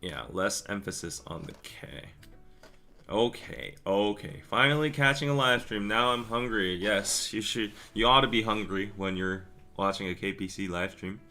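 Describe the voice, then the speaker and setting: A young man hosting a live stream, chatting casually and rambling through stories and viewer comments with quick asides and laughs. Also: fairly low pitch, bright, forceful tone, soft background music. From Korea. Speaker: podcast host reading live chat.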